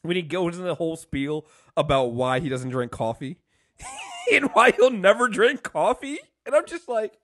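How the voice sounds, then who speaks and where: A man co-hosting a casual TV review podcast, animated, acting out scenes and laughing often. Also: high voice, moderate pace. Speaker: podcast co-host.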